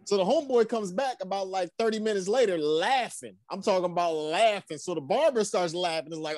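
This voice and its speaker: A man co-hosting a family podcast, telling a long joke as an animated storyteller who laughs often. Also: sits high, fairly quick, few pauses. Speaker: podcast co-host. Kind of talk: casual chat and joke telling.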